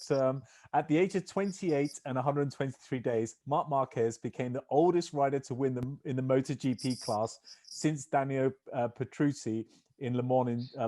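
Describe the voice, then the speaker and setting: A man co-hosting a casual motorsport chat, chatty and jokey, quick to agree. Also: medium pitch, dark tone. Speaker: co-host.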